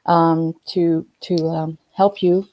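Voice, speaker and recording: A woman on a casual live stream giving business tips to viewers, halting often with ums and restarts while glancing at notes. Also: low-pitched, flat delivery, mellow. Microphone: phone or webcam, looking at notes.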